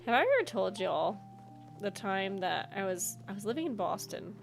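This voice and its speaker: A young woman streaming a game, chatting casually and telling a rambling, animated story full of fillers. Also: mid-range voice, normal speed, gravelly, soft background music. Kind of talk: casual gameplay chat and storytelling.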